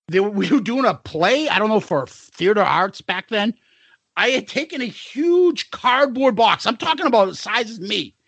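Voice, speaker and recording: A middle-aged man co-hosts a podcast in loose, profane chat, breaking into laughter as he tells his stories. His voice sits high and swoops widely, with a husky edge, recorded dry and close. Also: a bit bright, no room sound. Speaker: podcast co-host. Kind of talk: casual chat, storytelling.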